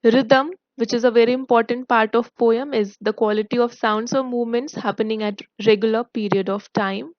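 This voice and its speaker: A woman teacher explaining a poem's devices to her students in a recorded online lesson, speaking in a measured, explanatory way. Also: fairly high pitch, fairly even intonation, no room sound, muffled recording. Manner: slow, explanatory, addresses students. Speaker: school English teacher.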